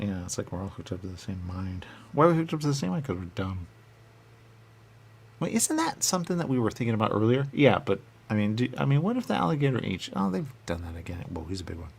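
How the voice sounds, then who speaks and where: A man with a low, gravelly voice that swings widely up and down as he riffs in a goofy routine. He argues with himself in silly back-and-forth, now and then sinking into a hushed aside. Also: very animated, fast, slight background noise. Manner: goofy, answers his own questions, slips into hushed asides. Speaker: radio show personality.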